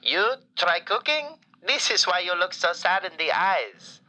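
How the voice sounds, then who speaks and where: An actor playing a doting, flamboyant falafel shop owner calling into a radio show, talking in broken grammar with playful deadpan jokes. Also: male voice, high-pitched, a little slow, exaggerated voice. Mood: effusive. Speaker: caller.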